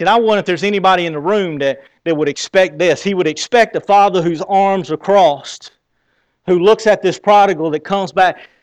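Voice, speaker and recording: A man with a Southern accent preaching a sermon, telling a story with lively acted-out scenes. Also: high-pitched, no room sound. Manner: animated storytelling, acting out scenes. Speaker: pastor.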